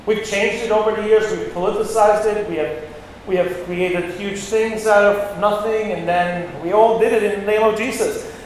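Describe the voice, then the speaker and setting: A man preaching a sermon, blunt and forceful, with sudden loud peaks. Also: high-pitched, fairly even intonation, moderate pace. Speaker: pastor. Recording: echoey hall with long reverb, faint noise.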